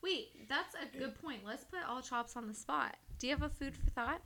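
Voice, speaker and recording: Bright higher-voiced woman on a podcast, swears a lot, tells stories all excited and animated. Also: moderate pace, vocal fry, a little hiss or hum. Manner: animated, profane storytelling. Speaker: podcast co-host. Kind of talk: casual podcast chat.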